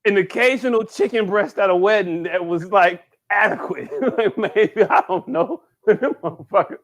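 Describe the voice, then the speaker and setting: A high-voiced man cracking jokes and swearing through a loose podcast chat, his delivery bouncing and excitable. He sounds a bit tipsy as he keeps breaking into laughter. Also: moderate pace. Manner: profane, animated, laughs a lot, repeats "hey, look". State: a bit drunk. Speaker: podcast co-host. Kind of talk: casual comedic chat.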